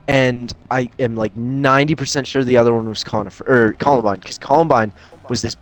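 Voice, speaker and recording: A man's voice: medium pitch, steady tone, brisk. Slangy young man rambling a story. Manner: rambling, profane, slangy, many restarts. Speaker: podcast storyteller. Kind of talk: casual campfire storytelling.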